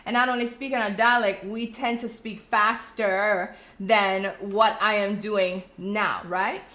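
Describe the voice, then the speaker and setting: A middle-aged woman with a Crucian accent from St. Croix, chatting casually on a live stream, reading out viewers' comments and telling stories in a friendly, animated way. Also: medium pitch, unhurried. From US Virgin Islands (St. Croix). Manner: chatty, animated storytelling with friendly direct address. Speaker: host of a live check-in stream.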